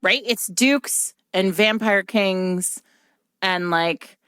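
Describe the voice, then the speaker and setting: A woman's voice: medium pitch, very slow, a bit bright, clear, resonant tone, no echo, clean studio sound. A middle-aged woman co-hosting a podcast in casual chat, talking in a chatty, thoughtful way with frequent asides. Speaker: podcast co-host.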